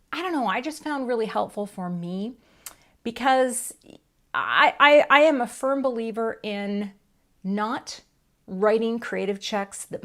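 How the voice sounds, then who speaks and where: A middle-aged woman hosting a casual live crafting stream, chatty and self-deprecating, rambling through asides. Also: fairly high pitch. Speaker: card-making channel host.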